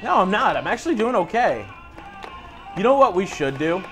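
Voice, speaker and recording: Male co-host, playful, slightly high voice, casual gaming banter, clear music bed underneath. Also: sing-song, normal speed, fairly bright tone. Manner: joking, sings along off-key and hums riffs. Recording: game music playing behind.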